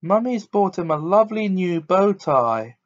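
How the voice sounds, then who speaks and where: A man's voice: sits high, big pitch swings, unhurried, highs cut off, pitched above the performer's own voice. A man reading aloud and voicing a prim middle-aged aunt who fusses over her son. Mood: doting.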